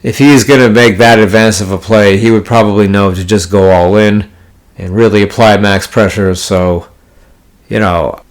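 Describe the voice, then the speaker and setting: This poker-playing vlogger has a fairly low voice with fairly even intonation and speaks at a normal speed. He tells a poker story in a casual, blunt monologue, swearing heavily, using card jargon, and restarting as he rambles, all in an exasperated rant.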